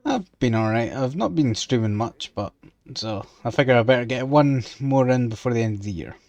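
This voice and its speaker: A man's voice: medium pitch, lively intonation, brisk, darkish tone, dry recording. A man chatting casually with his viewers during a live game stream.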